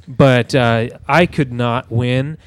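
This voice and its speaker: A man on a gaming podcast telling a story in animated casual chat, with hesitant starts. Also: medium pitch, slow pace. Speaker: podcast co-host.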